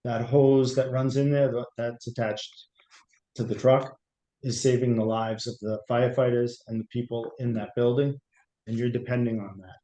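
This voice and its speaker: A man from the fire department speaking at a town meeting, serious and halting as he stresses safety. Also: medium pitch, flat delivery, dark tone. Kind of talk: public meeting testimony. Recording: echoey meeting room.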